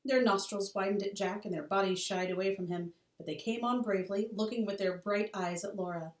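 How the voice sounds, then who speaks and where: Woman teacher reading a children's novel aloud, expressive, distant mic, echoey classroom. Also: mid-range voice, brisk. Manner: expressive, storytelling cadence. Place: school room.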